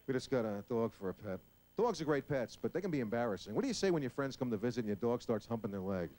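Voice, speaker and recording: A man's voice: mid-range voice, sing-song, fast. A male stand-up comedian on stage before a live audience, talking brashly and profanely and acting out voices. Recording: hissy old VHS tape recording.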